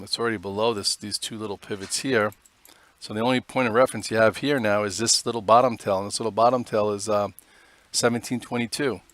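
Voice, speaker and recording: A man's voice: lowish voice, fairly bright tone, no room sound. A man hosting a live stock trading show, giving casual, rambling commentary on charts with many fillers.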